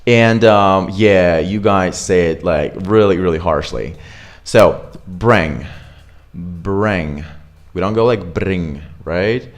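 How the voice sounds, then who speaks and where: In an online accent lesson, a low-voiced man teaches English pronunciation, slowly repeating example words and chatting casually with fillers.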